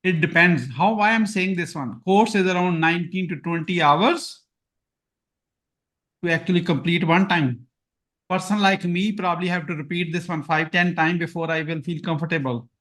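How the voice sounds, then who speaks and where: A man's voice: high-pitched, steady tone, moderate pace, a bit bright. A man with a Punjabi accent hosting a live course Q&A, repeating himself and reading chat comments aloud. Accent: Punjabi-accented English. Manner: self-deprecating, repetitive, reads chat aloud. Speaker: course host. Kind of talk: live Q&A webinar.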